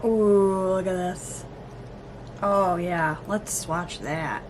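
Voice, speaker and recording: A woman vlogger chatting casually through an unboxing, gushing, gasping and cooing with excitement. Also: lowish voice, extremely slow, slight background noise. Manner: gushing, excitable, lots of gasps and oohs. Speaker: beauty vlogger.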